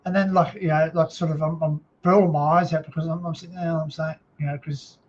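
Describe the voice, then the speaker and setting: A man with an Australian accent telling an emotional personal story on a live stream, halting, with many fillers and restarts. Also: a little high, flat delivery, a little hiss or hum. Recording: dull lo-fi sound.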